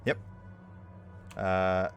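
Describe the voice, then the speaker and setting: A man's voice: deep voice, little pitch movement, drawn-out words, vocal fry, soft background music. A man narrating as game master, hesitant and apologetic at times.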